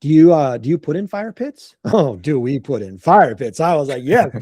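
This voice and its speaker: A middle-aged man tells a business story on a group call with animated energy. His voice sits a little high but has a mellow, dark tone. He acts out the people in his story and often repeats words, and the sound is close and dry. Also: normal speed, husky, dry recording. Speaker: landscaping business coach.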